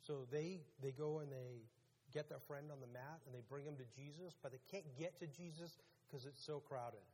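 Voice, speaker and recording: A man's voice: on the high side, moderate pace, darkish tone, slight background noise. A man preaching a casual, conversational sermon as pastor, putting questions to his audience. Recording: long hall reverb.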